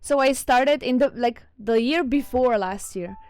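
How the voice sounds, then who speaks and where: A woman's voice: on the high side, unhurried, darkish tone, smooth. A woman streamer with a non-native English accent, chatting casually with her viewers, giggling often as she reads chat. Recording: faint music behind.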